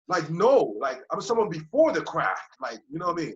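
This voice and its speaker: A man's voice: a little high, a little fast, few pauses. A man guest chatting casually and reflectively, looping back with "you know what I mean" and acting out his old thoughts in quoted voices. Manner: loose and repetitive, often asks "you know what I mean"; acts out his own past thoughts in lively quoted voices. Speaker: podcast guest, yoga teacher. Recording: dull lo-fi podcast recording.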